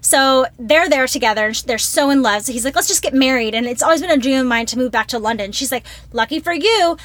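Animated woman retelling a story. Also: a little high, fast, dry recording. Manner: animated storyteller, acts out quotes. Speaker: podcast co-host. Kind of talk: casual chat retelling a film plot.

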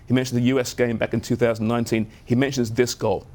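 A man's voice: mid-range voice, little pitch movement, fast, darkish tone. A man speaking as a soccer analyst on a studio sports panel, earnest and enthusiastic, often restarting his phrases.

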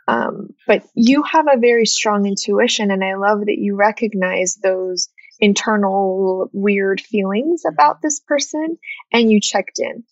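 A woman who is a former therapist, guest on a casual podcast, talking emphatically with quick agreeing interjections. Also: medium pitch, no echo, highs cut off.

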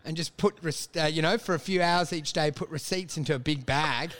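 A man's voice: a little high, a little fast, a bit bright. An Australian man in casual comedic banter, riffing and laughing as he acts out absurd scenarios.

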